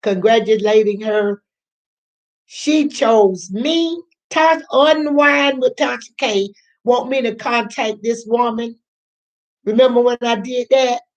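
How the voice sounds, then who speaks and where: An older woman, a grandmother, telling a personal story in a chatty, rambling way, repeating herself and acting out what others said. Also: fairly high pitch. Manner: slow, chatty, repeats herself, acts out quoted voices. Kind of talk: casual storytelling to camera.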